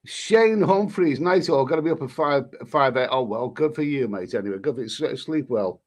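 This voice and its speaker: A man's voice: medium pitch, animated, normal speed. Chatty man hosting a live stream. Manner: rambling, chatty, reads out usernames and messages. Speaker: live stream host reading viewer comments. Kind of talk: casual live chat.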